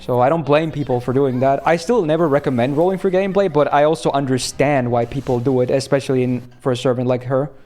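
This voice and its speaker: Young male streamer from Finland, relaxed rambling chat, medium voice. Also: medium pitch, fast, few pauses. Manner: relaxed, rambling, laughs often, answers chat. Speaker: game streamer.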